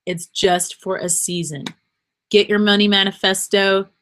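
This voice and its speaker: A woman's voice: mid-range voice, steady tone, a little slow, fairly bright tone. A woman hosting her own show, talking off the cuff in an earnest, rambling, encouraging way, emotional and close to tears. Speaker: podcast host. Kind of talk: unscripted motivational monologue.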